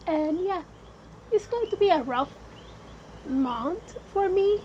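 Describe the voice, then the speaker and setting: Woman with a cold doing her podcast, stuffy voice, high pitched, kinda muffled lo-fi mic. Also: expressive, slow, a little hiss or hum. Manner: chatty and emphatic, mixes in Spanish phrases. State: sick with a cold, congested voice. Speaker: podcast host. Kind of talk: casual solo podcast talk.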